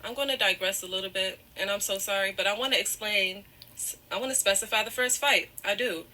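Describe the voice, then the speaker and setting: A woman's voice: mid-range voice, fairly quick, bright, forceful tone. A woman telling a painful personal story, close to tears, apologizing often and circling back with "however". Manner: apologetic, repeats "however", digresses. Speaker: guest telling her side of a breakup.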